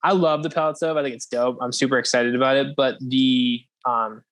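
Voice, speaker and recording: A man's voice: mid-range voice, fairly even intonation, a little fast, fairly bright tone. A young man hosting a podcast, chatting casually and rambling with frequent swearing and laughter. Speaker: podcast host. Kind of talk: casual chat.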